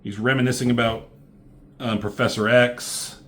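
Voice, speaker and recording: A man walks through a comic book in a relaxed, unscripted review, his voice sitting at an ordinary middle pitch. He rambles, leans on ums and likes, and drops casual curses along the way. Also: normal speed.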